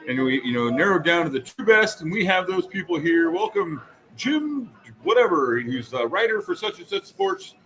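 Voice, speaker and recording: A man doing a bright TV sportscaster. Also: high-pitched, big pitch swings, moderate pace, pitched above the performer's own voice, low-quality recording. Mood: announcing. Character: smooth male TV sportscaster.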